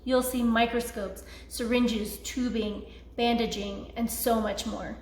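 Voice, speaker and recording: Higher-voiced woman hosting a benefit. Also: fairly even intonation, slow pace, darkish tone. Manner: upbeat and promotional. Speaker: benefit host. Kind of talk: scripted auction announcements. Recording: echoey room.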